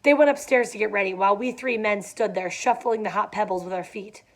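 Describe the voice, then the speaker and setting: A woman's voice: medium pitch, a little fast. A young adult woman reading a novel aloud, dropping in casual asides with fillers. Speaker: reader.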